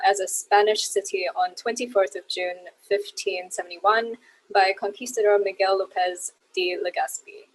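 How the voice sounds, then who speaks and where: A woman's voice: medium pitch, poor audio. Woman from the Philippines giving a keynote. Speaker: keynote speaker. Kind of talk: prepared talk.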